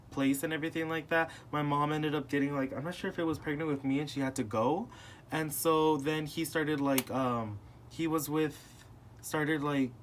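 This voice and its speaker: A man's voice: on the high side, a little hiss or hum. A young man telling a personal family story in casual chat, acting out the voices of the people in it with lots of filler words. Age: young adult. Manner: animated, acting out family members in retold dialogue. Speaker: podcast host.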